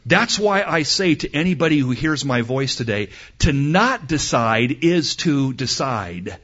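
Guy preaching in an amphitheater, middle pitched, switches into doubting voices, kinda muffled lo-fi sound. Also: expressive, a little slow, hardly any pauses, a bit bright. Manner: emphatic, acts out listeners' doubtful replies. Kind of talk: sermon. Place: outdoor amphitheater.

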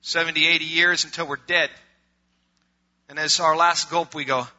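Middle-aged man preaching, high voice, very bright and forceful tone, swings loud to quiet, muffled lo-fi sound. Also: level tone, moderate pace, long pauses. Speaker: pastor. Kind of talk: sermon. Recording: muffled lo-fi recording.

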